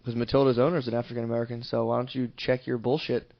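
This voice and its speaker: A man's voice: medium pitch, flat delivery, racing, gravelly, crowd noise. A man co-hosting a comedy podcast, joking and defending himself in casual banter, laughing often. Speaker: podcast co-host. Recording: dull lo-fi podcast audio.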